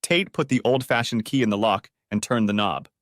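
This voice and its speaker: A man narrating a story audiobook in an even, matter-of-fact way. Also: on the low side, normal speed, dry recording, studio quality.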